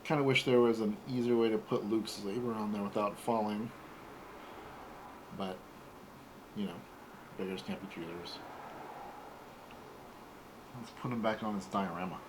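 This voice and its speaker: A man in his forties hosting a casual toy unboxing, talking in a relaxed, rambling way. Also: on the low side, moderate pace, long pauses, noisy background. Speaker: toy collector host.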